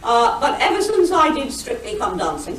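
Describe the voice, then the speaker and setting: With a high-pitched voice that swoops wildly, an older woman entertains a meeting hall as guest speaker in an anecdotal after-dinner talk, recorded distantly over a video call. She tells her stories briskly and wittily, acting out shouted quotes, and a little hiss or hum runs underneath.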